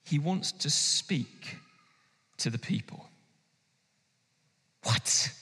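A man preaching a sermon as pastor, animated and emphatic, slowing down and pausing for effect. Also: on the high side. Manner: animated, emphatic preaching with sudden pauses and slowdowns. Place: church hall. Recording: long hall reverb.

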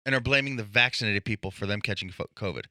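A man trades casual podcast banter in a blunt, profane way and laughs often. His voice has a very bright, forward tone. The sound is close and dry. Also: fairly low pitch, fast, dry recording. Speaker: podcast co-host.

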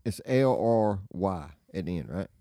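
A man with a Southern US accent in a casual podcast chat, questioning and quick to push back. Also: sits low, animated, mellow, no room sound, clean studio sound.

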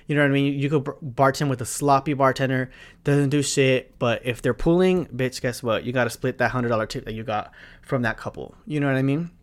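A young man talks casually about tending bar, his pitch sitting right in the middle of the usual range. He swears freely and stays frank and chatty, with plenty of asides as he goes. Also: fairly quick. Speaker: bartender sharing advice. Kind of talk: casual monologue vlog.

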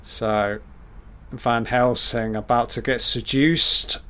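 A man's voice: mid-range voice, steady tone, slow, bright, forceful tone, smooth. A man giving casual film commentary in short, admiring remarks, swearing often.

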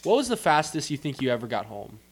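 A man's voice: mid-range voice, sing-song, fast talker, slightly rough. A young man co-hosts a podcast with a friend. He rambles in loose, casual chat and often restarts his sentences partway through. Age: young adult. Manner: rambling, self-interrupting. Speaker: podcast co-host.

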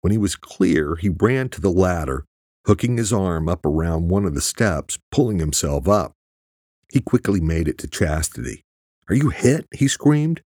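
Male audiobook narrator, very low voice, husky, steady, dry close sound. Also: moderate pace, no echo. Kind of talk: scripted narration.

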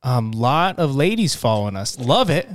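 A young man co-hosting a podcast, playful and quick to laugh, steering the chat with questions. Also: mid-range voice, sing-song, no room sound. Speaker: podcast co-host.

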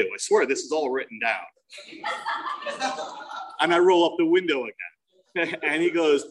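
A man's voice: a little high, animated, moderate pace, long pauses, recorded from a distance, rough recording. A man in his forties from New Jersey shares his recovery story at a meeting. He speaks candidly and mocks himself with wry humor. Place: meeting room.

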